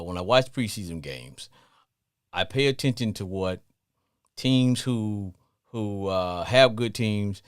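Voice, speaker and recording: A middle-aged man with a Southern accent hosting a casual sports talk radio show, playful and animated. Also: mid-range voice, no echo, studio quality. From Southern US, family from Louisiana. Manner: animated, playful, breaks into song snippets.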